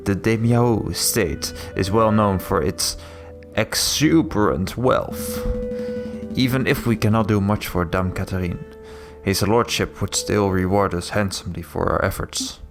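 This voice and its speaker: A man's voice: on the low side, a little slow, music in the background. A man voicing a pompous, greedy bird lawyer with a theatrical manner in a story game.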